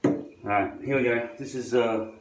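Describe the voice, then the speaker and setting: A man's voice: medium pitch, steady tone, a little slow, distant mic, background noise. Profane sardonic man in an echoey room. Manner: sardonic, profane, grumbling asides to viewers. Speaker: vlogger demonstrating a hairpiece. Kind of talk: casual how-to monologue to camera.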